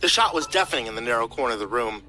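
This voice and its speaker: A man's voice: medium pitch, animated, rapid-fire, over music. A man narrating a crime thriller in a dramatic storytelling voice. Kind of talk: audiobook narration.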